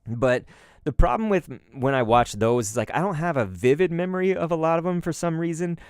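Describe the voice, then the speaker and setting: Male host, casual rambling nostalgic chat, lively pitch, dry close sound. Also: fairly quick, clear, resonant tone, dry recording. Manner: rambling and nostalgic, with many fillers and asides to viewers. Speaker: YouTube host opening collectible cards.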